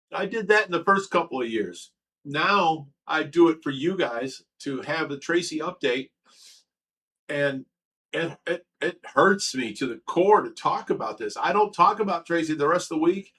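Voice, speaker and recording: Casual livestream host, male, a little high-pitched, emotional and frank as he reads chat aloud. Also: lively intonation, normal speed, sharp tone, husky, low-quality recording. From Ohio.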